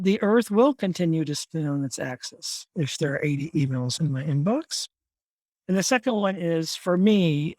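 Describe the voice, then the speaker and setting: A man's voice: on the high side, no echo. A man on a video call, chatting casually and joking at his own expense as a university administrator on a podcast panel. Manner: joking, self-deprecating. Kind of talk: casual chat.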